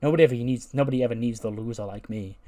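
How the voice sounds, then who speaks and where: A man's voice: medium pitch, racing, mellow, natural voice. A man plays a gloomy male wrestler sunk in self-pity who complains in a mopey way. It stays near the reader's own voice.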